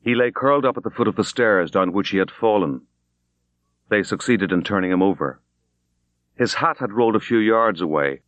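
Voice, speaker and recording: A man reading a classic short story aloud in a measured, grave, unhurried manner as an audiobook narrator. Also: sits low, a bit bright, no room sound, lo-fi sound. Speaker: audiobook reader. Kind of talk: scripted literary narration.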